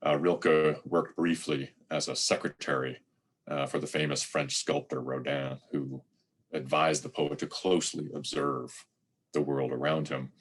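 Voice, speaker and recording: A man delivering a sermon in a measured, reflective way, slowly reading poetry aloud. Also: a bass voice, little pitch movement, slight background noise. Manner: measured, reflective, reads verse slowly and deliberately. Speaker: lay preacher giving a sermon.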